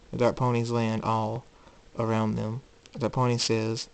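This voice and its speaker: A man narrating his own fan story aloud, halting and repeating words. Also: mid-range voice, completely flat delivery, clear, resonant tone. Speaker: hobby storyteller.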